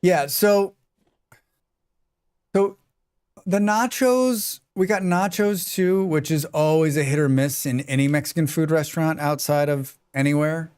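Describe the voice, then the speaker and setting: A man's voice: on the high side, steady tone, a little slow, darkish tone, clear, resonant tone. A man streaming a game and chatting casually, reading and answering viewers' messages as he plays. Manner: chatty, reads and answers viewer chat while playing. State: sneezing repeatedly. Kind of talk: casual live-stream chat.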